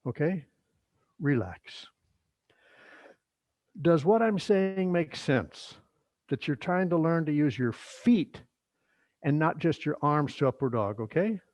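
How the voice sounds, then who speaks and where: A middle-aged man leading a yoga workshop, giving instructions in a relaxed, chatty way with joking asides. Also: on the high side, a little slow, no room sound. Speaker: yoga teacher.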